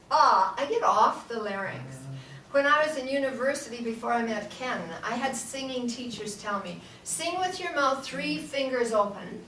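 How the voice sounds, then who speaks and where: A woman singing teacher leads a voice workshop before a live audience in a large room, laughing often, playful, and demonstrating sung vowel sounds. Her voice is fairly high and a bit bright. She is picked up off-mic from a distance, with roomy echo and audible room noise.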